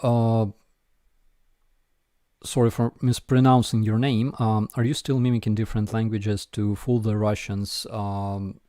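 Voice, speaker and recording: A man with a Ukrainian accent hosting a casual live Q&A, answering viewer questions in an unhurried way with frequent ums and dry jokes. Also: fairly low pitch, little pitch movement, mellow, no room sound. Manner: unhurried, frequent ums and uhs, dryly joking.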